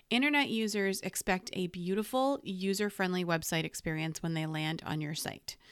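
Low, smooth-voiced woman podcast host. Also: fairly bright tone, no room sound, studio quality. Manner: candid, conversational, encouraging. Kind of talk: solo podcast monologue. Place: home. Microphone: podcast microphone.

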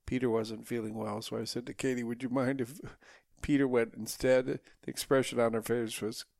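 A man in his seventies with a gravelly edge, speaking at an even middle pitch. He tells family stories with dry, teasing humor, recorded close on a mic with a dead, dry sound. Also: normal speed, dry recording. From Minnesota. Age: 70s. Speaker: guest, the host's father. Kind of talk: casual family interview.

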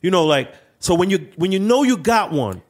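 A man's voice: high-pitched, sing-song, normal speed. A man chatting as a podcast co-host, blunt and full of slang and swearing. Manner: blunt, profane, street slang. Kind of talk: casual studio podcast chat.

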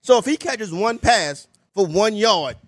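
A man's voice: high voice, animated, measured pace, no echo, clean studio sound. A man hosting a sports radio show, loose and joking, chatting with callers and co-hosts. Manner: loose, joking, talks while eating. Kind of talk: casual sports radio banter.

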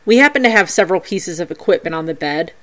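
A woman's voice: on the low side, fast talker. A woman hosting a podcast, telling the stories of her paranormal investigations in a scripted but playful way. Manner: storytelling paranormal investigation accounts, animated and playful. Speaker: podcast host.

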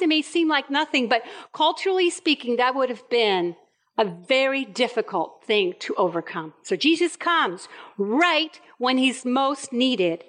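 High-voiced woman preaching a sermon. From Puerto Rico. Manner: animated storytelling with acted-out quotes.

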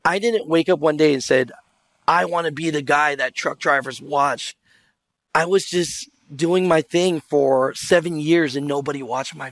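Animated man telling stories on a panel. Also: fairly high pitch, no room sound. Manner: animated storyteller who acts out other people's lines and quizzes the audience. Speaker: trucking video creator on a conference panel. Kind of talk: lively conference panel talk.

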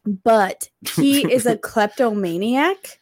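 A woman co-hosting a casual podcast chat, chatty and quick to laugh, swearing casually as she tells stories. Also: fairly high pitch, a little mellow, dry recording, studio quality.

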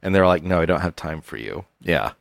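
Very deep-voiced man, dry close sound. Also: creaky, no room sound. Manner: deadpan storytelling, low-key and unhurried. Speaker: podcast co-host. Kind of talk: casual comedic chat.

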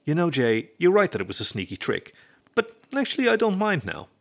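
A man voicing a gentle, mischievous young male raccoon in a storybook reading, speaking in a reassuring, teasing way. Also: on the high side, huge pitch swings, a little fast, gravelly, voice pushed up, full character voice. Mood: tender.

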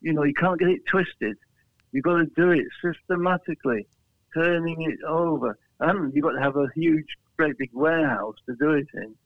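An English man talks through a tinny phone line, his voice a little higher than most. He rambles through his stories with frequent restarts and chuckles, in easy interview chat. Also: normal speed, dry recording. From England. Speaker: guest, flag maker.

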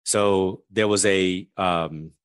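Interview guest, male, 50s, lower pitch, lively storyteller leaning on fillers, dry close sound. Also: clean tone, no room sound. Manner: animated, fast, heavy on "like" fillers. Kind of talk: conversational storytelling.

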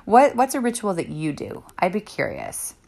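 Gravelly-voiced woman host, chatty and rambly, talks to parents like friends. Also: medium pitch, huge pitch swings, moderate pace, a little mellow. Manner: reflective, rambling with many fillers. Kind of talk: casual solo talk.

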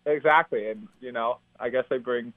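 A man's voice: medium pitch, normal speed, dry recording. Upbeat young man on a tinny phone line. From United States. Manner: upbeat, laughs easily. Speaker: professional triathlete guest. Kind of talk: phone-in interview.

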